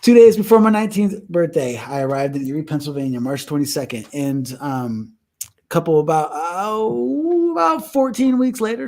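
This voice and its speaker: A young man co-hosting a podcast, telling a personal story in casual chat and acting out the voices. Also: fairly high pitch. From United States. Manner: animated, acts out voices in stories. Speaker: podcast co-host.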